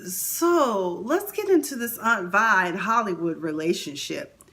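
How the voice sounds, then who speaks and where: A woman's voice: mid-range voice, animated, measured pace, pushed and bright. A woman hosting a casual TV recap, chatting and acting out the characters' lines with big swings in her voice. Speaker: TV recap host.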